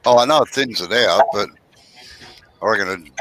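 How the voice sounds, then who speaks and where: A man's voice: fairly low pitch, normal speed, background noise. A man, chatting in a laid-back way on a video call. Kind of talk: casual chat on a video call.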